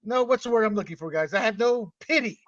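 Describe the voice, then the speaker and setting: A man's voice: high-pitched, lively intonation, fast talker, dry recording. A male podcast host in a casual panel discussion, blunt and mocking, acting out other people's voices as he talks. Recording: muffled, distant mic.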